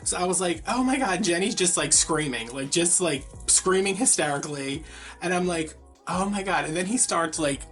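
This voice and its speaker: A man's voice: fairly high pitch, moderate pace, a bit bright, faint music behind. A man, telling a gossipy story in a casual, chatty way while he crafts. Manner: chatty, gossipy, heavy use of filler words. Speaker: crafting vlogger.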